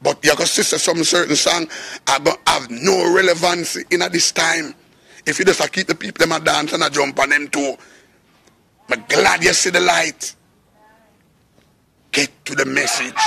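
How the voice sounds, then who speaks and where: A man's voice: a little high, fairly even intonation, moderate pace, creaky, pauses often, sharp tone, husky. A man with a Jamaican accent makes an impassioned spoken appeal in a preaching, urgent way, sometimes slipping into sung phrases. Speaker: reggae artist.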